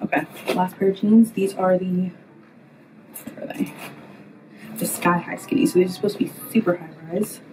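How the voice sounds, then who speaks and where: A woman's voice: fairly low pitch, steady tone, moderate pace, long pauses, noisy background. A young woman vlogging a clothing try-on from a store fitting room, chatting candidly and bluntly about how each item fits. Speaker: fashion vlogger. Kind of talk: casual try-on haul chat. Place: store fitting room, later inside a car. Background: background music.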